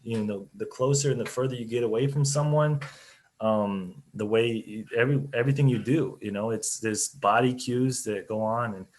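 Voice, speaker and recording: A man's voice: on the low side, a little mellow. A man speaking casually as a CEO on a business webinar, chatty and loose, with many fillers and restarts, over a video call mic. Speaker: company CEO on a webinar panel.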